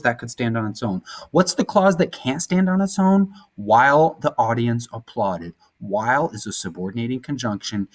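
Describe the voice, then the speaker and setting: A male teacher giving a recorded lesson over slides, explaining grammar terms in a conversational way with casual asides and quick rhetorical check-ins. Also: medium pitch.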